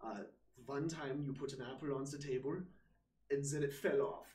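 A man's voice: medium pitch, steady tone, normal speed, noisy background, natural voice. A man voicing an old German grandfather who tells a stiff joke in a German accent. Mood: earnest. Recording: roomy, distant mic.

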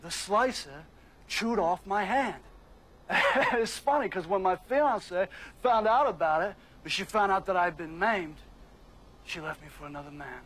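An actor playing a wounded, fiery one-handed baker in a film drama, brooding and prone to shouting. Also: male voice, sits high, lively intonation, unhurried, full character voice. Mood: bitter, brooding. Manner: brooding, then bursts into shouting.

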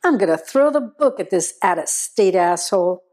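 A woman's voice: lowish voice, lively intonation, normal speed, darkish tone. A woman voicing a stern small-town male deputy. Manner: stern, curt. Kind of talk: audio horror story reading.

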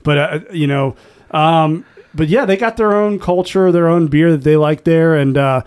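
A man's voice: on the high side, normal speed, clean tone. A man hosting a casual beer-tasting podcast, telling rambling, easygoing stories. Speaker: podcast host.

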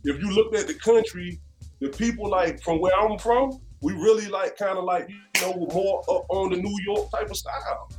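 A man from North Carolina speaks as a guest in a relaxed interview, his voice sitting high for a man. He talks in an animated, conversational way. Soft music plays underneath. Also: moderate pace. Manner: animated, conversational, leans on "you know what I'm saying". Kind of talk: casual interview chat.

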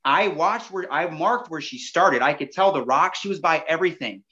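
A man with a slightly high voice tells a story as a podcast guest, animated and chatty. He keeps turning to the listeners directly. The audio sounds dull and lo-fi. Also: moderate pace. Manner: animated, addresses listeners as "you guys". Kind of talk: casual storytelling.

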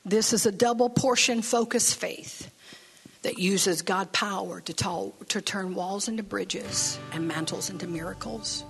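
A woman's voice: medium pitch, measured pace, creaky, soft background music. A middle-aged woman pastor preaching a sermon in a church, telling stories casually and building to bold declarations. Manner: animated, conversational storytelling with rising declarations. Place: church sanctuary.

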